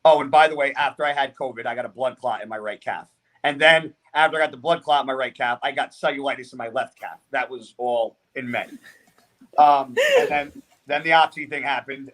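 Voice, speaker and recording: A man telling a story on a podcast, animated and rambling, with lots of swearing. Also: mid-range voice. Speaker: podcast guest. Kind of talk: casual storytelling.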